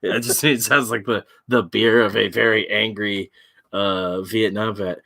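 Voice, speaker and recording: A man co-hosting a casual late-night chat, drunk and high, who keeps breaking into giggles while he talks. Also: fairly even intonation, unhurried, gravelly, pushed and bright, dry recording, studio quality. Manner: giggly, laughing through his words. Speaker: podcast co-host.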